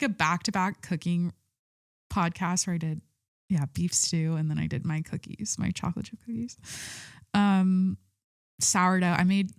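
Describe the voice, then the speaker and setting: A woman's voice: lowish voice, no room sound, clean studio sound. A woman in her thirties hosting a solo podcast, chatting casually and rambling, with frequent swearing and filler words. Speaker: podcast host.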